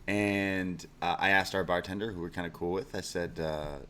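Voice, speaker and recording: A man's voice: deep voice, steady tone, normal speed, pushed and bright, slight background noise. A man co-hosting a podcast, telling rambling stories in a casual chat, swearing and laughing as he goes. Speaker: podcast co-host.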